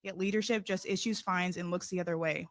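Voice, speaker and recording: A professional basketball player, a woman, reads a prepared public statement in a measured way, sounding slightly out of breath. Her voice is fairly low with a steady tone.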